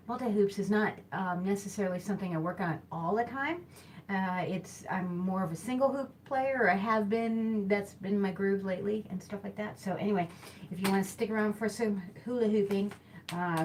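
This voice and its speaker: A woman's voice: mid-range voice, slight background noise. A woman with a Midwestern accent hosting a live-streamed hula hooping show, talking in a chatty, rambling way and often correcting herself. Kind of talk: casual live-stream chat.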